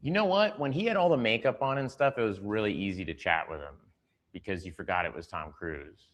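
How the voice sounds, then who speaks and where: Low-voiced man telling a story. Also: animated. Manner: storytelling, slips into quick impressions of others. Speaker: actor telling a set story. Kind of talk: anecdote in an interview clip.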